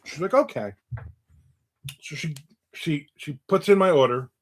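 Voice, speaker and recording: Middle-aged guy telling a story, kinda high voice, does all the voices, really animated. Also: unhurried. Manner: animated, acts out the voices of people in his story. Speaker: vlogger telling an anecdote. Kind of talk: casual storytelling.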